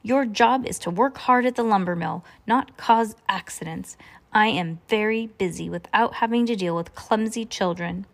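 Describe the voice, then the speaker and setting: A woman's voice: mid-range voice, moderate pace, natural voice. Woman reading as a bossy, curt mill boss. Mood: angry. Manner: curt, barking orders. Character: bossy impatient male lumber mill boss.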